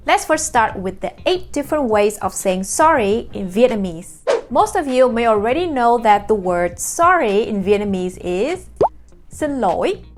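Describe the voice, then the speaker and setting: A woman teaching a scripted language lesson, repeating example phrases slowly and carefully. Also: fairly high pitch.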